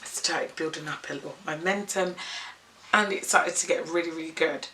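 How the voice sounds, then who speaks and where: A woman's voice: sits low, moderate pace, pushed and bright, a little hiss or hum. A young woman and makeup artist, rambling candidly in an unscripted vlog and swearing freely.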